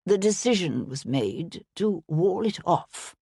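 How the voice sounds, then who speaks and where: A woman voicing a frail, dying elderly archbishop who speaks weakly and with measured care. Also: fairly low pitch, big pitch swings, warm tone, breathy edge, no echo, studio quality, heavily acted. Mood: grave, weary. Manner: weak, measured.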